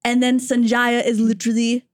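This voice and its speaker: A woman's voice: on the high side, level tone, moderate pace, dry recording, clean studio sound. A young woman in a casual scripture study chat, telling the story in a playful, slangy way and laughing often. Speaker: discussion group member.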